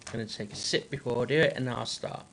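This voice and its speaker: Male streamer, rambling joke-teller, halting delivery, average pitch. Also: vocal fry, fairly bright tone. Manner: halting, full of fillers and restarts. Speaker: livestream host. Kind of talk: casual joke-telling on a livestream.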